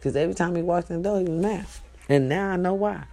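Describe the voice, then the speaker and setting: Gravelly-voiced woman giving blunt advice. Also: fairly low pitch, fast. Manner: profane, blunt, animated preaching. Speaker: vlogger. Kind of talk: casual advice rant to viewers.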